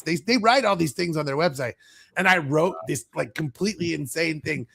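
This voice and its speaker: Swearing bluntly through a casual rant, the American host of a sports podcast has a voice that sits on the high side, a bit bright and creaky, delivered at normal speed.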